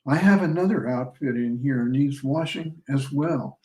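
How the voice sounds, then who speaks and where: A man's voice: medium pitch, unhurried, mellow, close to an everyday voice. A man reading the lines of a tall, confident frontier general, good-humored and drawling, recorded in a roomy space from a distant mic.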